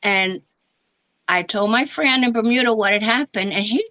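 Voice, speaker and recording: A woman's voice: medium pitch, moderate pace, sharp tone, no echo, lo-fi sound. An older woman being interviewed, telling family stories and acting out the lines people said. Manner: storytelling, acting out quoted dialogue. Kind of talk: reminiscing interview.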